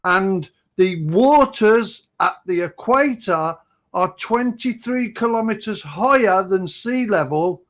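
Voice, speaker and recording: A man on an online debate panel, laying out his argument in a slow, deliberate way. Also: high-pitched, expressive, a bit bright.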